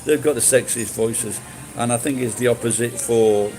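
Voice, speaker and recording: A man's voice: medium pitch, fairly even intonation, normal speed, dark tone, soft background music, rough recording. A man chatting casually, rambling and swearing, with frequent restarts. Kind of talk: casual chat.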